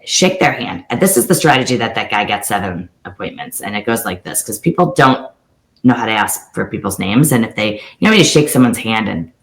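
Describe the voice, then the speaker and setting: A woman real estate coach giving a storytelling coaching talk, lively, acting out quoted dialogue in quick back-and-forth. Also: rumbling low, echoey room, poor audio.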